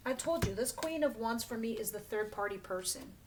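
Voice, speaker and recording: There's slight background noise as she reads tarot, her voice fairly high and expressive and her speed a little fast. Casual and chatty on her channel, she's also blunt, tossing in filler words and repeatedly restarting phrases with self-corrections.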